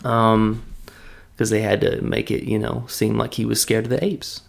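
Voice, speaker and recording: A man's voice: fairly low pitch, level tone, moderate pace, creaky. A man hosting a casual film review, talking in a rambling, joking way with many fillers.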